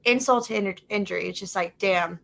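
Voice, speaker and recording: Easygoing woman with a gravelly edge. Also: mid-range voice, brisk, fairly bright tone. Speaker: guest on a movie watch party stream. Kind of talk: casual chat over a movie.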